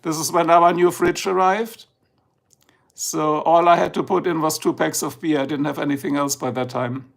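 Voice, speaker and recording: Gravelly German-accented man, chatty. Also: fairly high pitch, steady tone, moderate pace. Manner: chatty, rambling, switches between English and German. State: just woken up. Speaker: livestream host. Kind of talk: casual livestream talk.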